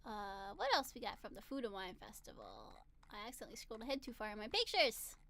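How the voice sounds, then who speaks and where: A woman's voice: medium pitch, huge pitch swings, fast talker, vocal fry, fairly bright tone. A woman vlogger chatting casually to camera, giggling often and filling her talk with "like" and "um". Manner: chatty, giggly, lots of fillers. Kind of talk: casual chat.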